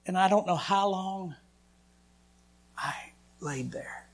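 A man, a preacher giving an emotional sermon testimony and swinging from loud lines to hushed whispers. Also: high voice, takes it slowly.

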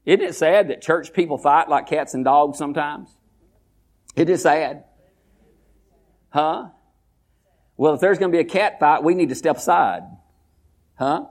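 A man preaching a sermon as pastor, folksy, calling out to his congregation and reading scripture slowly and deliberately. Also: fairly high pitch, darkish tone. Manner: folksy, call-and-response with congregation.

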